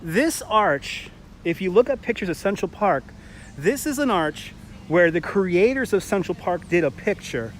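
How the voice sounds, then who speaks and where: A man's voice: sits high, animated, unhurried, slight background noise. Chatty New York man on a walking tour. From Brooklyn, New York. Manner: chatty, jokey, laughs often, greets viewers. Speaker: live-stream walking tour host. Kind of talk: casual live-stream tour narration. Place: outdoors in a city park.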